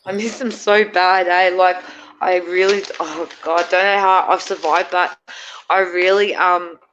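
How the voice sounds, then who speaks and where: A woman's voice: fairly low pitch, fairly even intonation, unhurried, fairly bright tone, muffled recording, slight background noise. A middle-aged woman, a guest in a casual chat, rambling and hesitant with many fillers and restarts.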